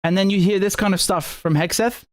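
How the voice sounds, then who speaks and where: A man hosting live news commentary, his voice sitting a touch high. He speaks indignantly, stumbling over repeated words and tossing out rhetorical questions as he goes. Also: fairly even intonation, brisk. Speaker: political commentator and host.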